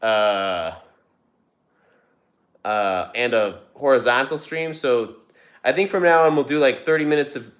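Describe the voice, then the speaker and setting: A young man hosts a casual livestream from home with his dogs nearby, speaking loosely with fillers and restarts. His mid-range voice is a bit bright, unhurried, and broken by long pauses. He's recorded on a phone mounted on a tripod for a vertical stream.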